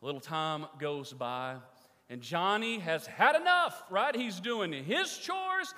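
A pastor preaching in an echoing hall. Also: male voice, sits high, a little slow. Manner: animated storyteller, asks the congregation questions. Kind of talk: sermon with story and closing prayer. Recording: long reverb of a large hall.

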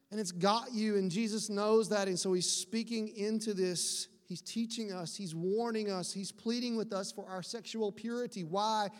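Middle-aged male pastor, high voice, casual animated sermon delivery, reverberant sanctuary. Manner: conversational, animated preaching with acted-out quotes. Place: church sanctuary. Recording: long hall reverb.

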